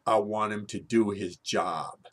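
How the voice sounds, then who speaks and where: A man's voice: fairly low pitch, fairly even intonation, slow. A man voicing a furious suburban mother who screams abuse from the stands at full voice. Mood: stern.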